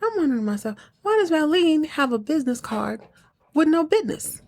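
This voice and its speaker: A woman hosting a podcast, telling a comic episode recap in an animated, chatty way with laughter. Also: high voice, fairly quick, gravelly. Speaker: podcast host.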